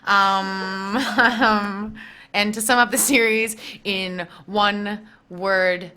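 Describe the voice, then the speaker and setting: A young woman, an actor guest, chatting casually in an interview, lively and playful, laughing often. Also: medium pitch, very slow.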